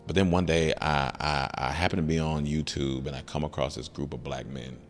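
A man's voice: a bass voice, brisk, soft background music. A man in casual conversation, telling a personal story and acting out the voices of the people in it. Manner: animated storyteller, acts out voices in quotes. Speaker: guest, comedian.

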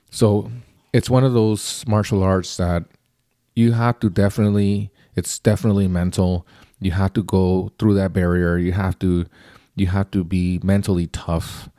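A man's voice: low-pitched, dark tone, dry recording, clean studio sound. A man giving a casual, rambling spoken book review, often repeating himself and restarting sentences.

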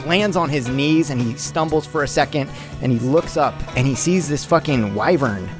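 A man's voice: on the high side, moderate pace, music in the background. A man narrating his character's actions in a tabletop role-playing game, rambling and profane.

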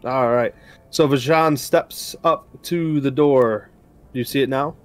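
A man running a tabletop game as game master, relaxed and hesitant with frequent ums. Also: medium pitch, a little slow.

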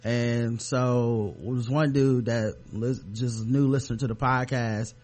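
A man's voice: medium pitch, fairly even intonation, unhurried, darkish tone. A man hosting a podcast in a loose, rambling way, full of ums and you-knows. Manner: rambling, lots of fillers, laid-back. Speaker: podcast host. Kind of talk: casual podcast chat.

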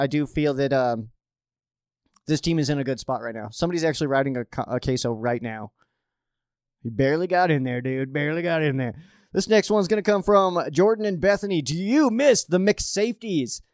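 A young man hosting a casual fan stream, reading viewer questions and riffing on them in a rambling way that builds into excited outbursts. His voice sits a little high for a man and sounds dry and close, with no room around it. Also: no echo. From Colorado. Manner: excitable, rambling, gets worked up. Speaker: fan show host answering viewer questions. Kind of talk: casual livestream chat.

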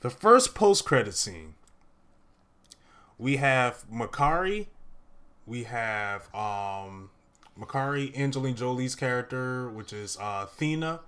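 A man's voice: medium pitch, expressive, takes it slowly, fairly bright tone, clear, resonant tone. A young man reviews a movie in easy, casual chat. His recap wanders, packed with fillers and restarts, in a plain mid-range voice. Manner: rambling recap full of "uh" and "like".

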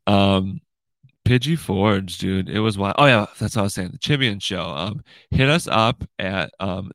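A young man runs his own show from home, and this clip is a casual, rambling monologue from a room in his house, heavy on profanity and finished off with "dude" and "right?" The pitch is fairly low, the tone fairly bright, and the recording dry.

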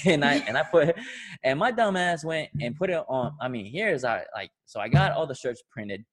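A man's voice: medium pitch, lively intonation, brisk. A man hosting a podcast, telling a long rambling story with lots of swearing and laughter. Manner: rambling, profane, laughs often. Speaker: podcast host. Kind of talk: casual storytelling.

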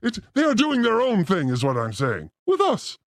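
A man hosts a podcast full of crude, theatrical, joking banter. His voice sits high with wildly swooping pitch at a moderate pace. The sound is clean studio audio with no room sound.

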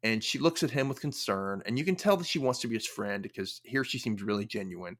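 A young man hosting a podcast, casually recapping an episode with animated storytelling and wry quoted asides. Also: lowish voice, a little fast. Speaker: podcast host.

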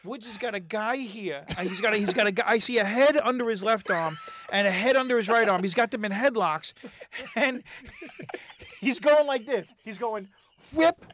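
A middle-aged man with a high, bright and sharp voice spins a long story in loose, casual talk. He keeps restarting his sentences and jumps into the voices of everyone in it, yelling some of their lines. A faint hiss runs under the recording. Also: moderate pace. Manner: animated, acts out quotes and voices, rambling restarts. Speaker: comedian telling a story.

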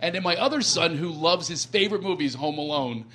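A man's voice: fairly high pitch, animated, fast, pushed and bright. A man, a guest comedian, swapping stories in casual banter, teasing and acting out voices. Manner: teasing storyteller, acts out voices.

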